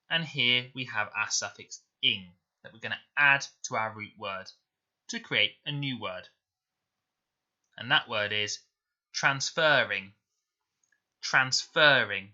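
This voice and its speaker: Male teacher, crisp bright voice, deliberate spelling lesson, lo-fi dull recording. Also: medium pitch. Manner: slow, clear, sounding out words deliberately. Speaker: primary school teacher.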